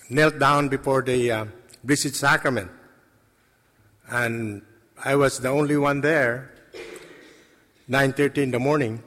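A man speaking slowly and earnestly as he gives a faith testimony to a congregation. His delivery is halting, full of pauses and restarts. His voice rings with the long reverb of a large hall. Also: medium pitch, bright, forceful tone. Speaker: lay speaker giving a testimony.

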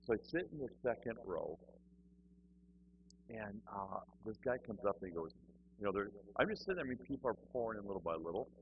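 A man's voice: on the low side, a little fast. A man telling a humorous personal faith story, self-deprecating and acting out the people in it. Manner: animated, self-deprecating, acts out voices. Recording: muffled with faint hum.

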